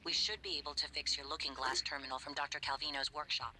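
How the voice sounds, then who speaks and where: A soft-spoken, instructive guide. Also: male voice, a little high, fairly even intonation, fast, slight background noise, poor audio. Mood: informative. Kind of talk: video game voice acting.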